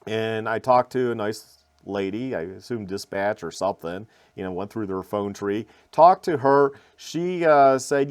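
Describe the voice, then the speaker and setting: A man's voice: fairly low pitch, animated, a little slow, hardly any pauses, clean tone. Rambling man telling a crash story. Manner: rambling, repeats words and restarts, wry asides. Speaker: vlogger recounting a crash. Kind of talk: casual storytelling to camera.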